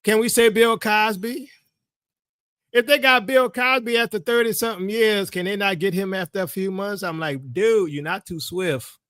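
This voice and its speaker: A man's voice: high-pitched, steady tone, moderate pace, a bit bright, clear, resonant tone, dry recording, clean studio sound. A man speaking as a religious teacher, delivering a casual commentary monologue to his followers in a colloquial, storytelling way.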